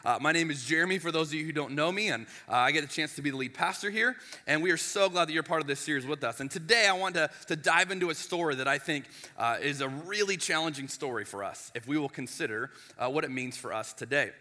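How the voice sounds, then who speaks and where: A man, the lead pastor, telling a story in a chatty, animated sermon in a church sanctuary. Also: a little high, quick pace, hardly any pauses. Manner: animated, chatty, with frequent restarts and asides. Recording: long reverb of a large hall.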